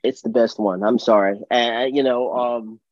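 A man's voice: mid-range voice, fairly even intonation, a little slow, no room sound. A man hosting a casual podcast chat, enthusiastic, laughing often and restarting his sentences. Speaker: podcast host. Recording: dull, dry lo-fi sound.

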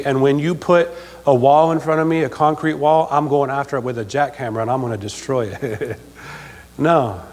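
A man preaches from the pulpit, his somewhat high voice ringing with a long reverb through the church. He is emphatic and repeats his phrases, often asking the congregation for an amen. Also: normal speed. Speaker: pastor. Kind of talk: sermon.

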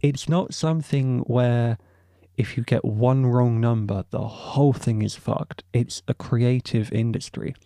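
A man's voice: mid-range voice, fairly even intonation, measured pace, warm tone, dry recording, studio quality. A young man, a university student hosting a podcast, giving a rambling, opinionated solo monologue full of asides. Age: young adult. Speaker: podcast host.

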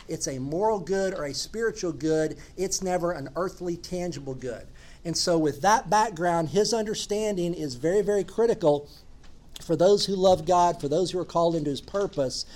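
A man's voice: sits high, normal speed, darkish tone. A man preaching a sermon as a pastor, earnest and emphatic, building his points through repeated phrases.

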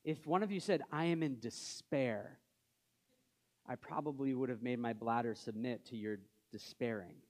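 This pastor's sermon is conversational, full of questions to the congregation, with soft delivery when reading scripture. He speaks at medium pitch, fairly quickly and with few pauses.

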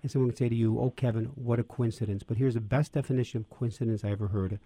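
A man's voice: mid-range voice, fairly even intonation, quick pace, hardly any pauses, warm tone, no room sound. Reflective preacherly man. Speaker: priest. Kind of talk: conversational talk show.

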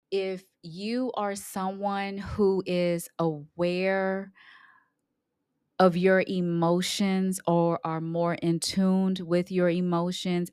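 A middle-aged woman, an emotional intelligence coach, talking on her own podcast, unhurried, repeating her points for emphasis. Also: fairly low pitch, smooth, no room sound, clean studio sound. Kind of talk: solo podcast talk.

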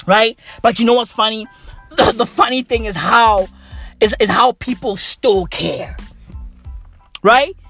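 A man's voice: high-pitched, a little slow, vocal fry, long pauses, sharp tone, faint music behind. A man ranting casually and profanely, rambling and repeating himself. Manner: rambling, repetitive, heavy swearing. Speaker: vlogger.

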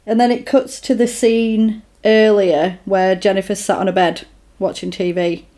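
A woman in casual chat, animatedly retelling a film's plot and putting on quick voices for the characters. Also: medium pitch, flat delivery, mellow. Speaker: podcast co-host recapping a film.

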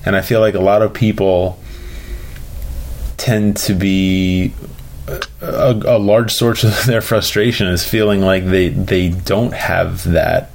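A man's voice: sits low, steady tone, slow, vocal fry. A young man co-hosting a podcast, speaking in a thoughtful, hedging way. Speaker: podcast co-host. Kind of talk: casual podcast conversation.

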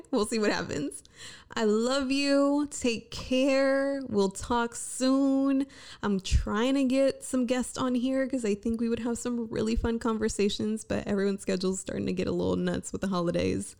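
On a podcast mic, a thirties woman runs her own show alone, speaking candidly with plenty of swearing and a self-deprecating pep talk. Her voice sits on the high side, a little slow and a little mellow, with vocal fry and fairly even intonation.

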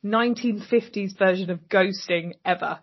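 A woman co-hosting a casual recap podcast, animated and swearing freely as she acts out characters' lines. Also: medium pitch, moderate pace. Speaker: podcast co-host. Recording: dull lo-fi sound.

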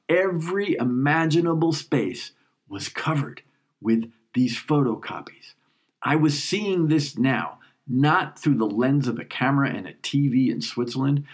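A New York man narrates his own story in a reflective, emotional, unhurried way, letting moments breathe. His voice is mid-range and slightly rough.

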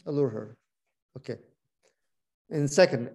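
A man reading scripture aloud and teaching on it, animated, stressing key words, often restarting his sentences. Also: medium pitch, normal speed, vocal fry. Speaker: Bible study teacher.

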